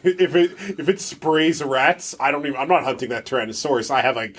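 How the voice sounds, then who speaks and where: A man's voice: medium pitch, a little fast. A man co-hosting a casual gaming podcast, joking and mocking himself, often stumbling and restarting his words. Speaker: podcast co-host.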